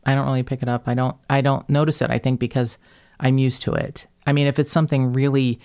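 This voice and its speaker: A woman's voice: a bass voice, quick pace, clean tone. Chatty woman with slight Kentucky lilt. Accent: slight Northern Kentucky. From Northern Kentucky. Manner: animated, rambling storyteller. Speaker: podcast host. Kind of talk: casual podcast chat.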